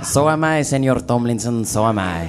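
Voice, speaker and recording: A man's voice: medium pitch, animated, moderate pace, background noise, natural voice. An actor playing a fawning male Spanish journalist with a put-on Spanish accent in an improvised comedy radio play, hesitant and full of filler sounds. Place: live stage before an audience.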